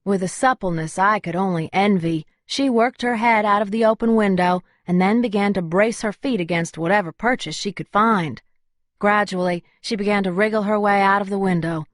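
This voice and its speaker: A woman's voice: mid-range voice, normal speed, no room sound, studio quality. A woman narrating a first-person audiobook in a wry, conversational way.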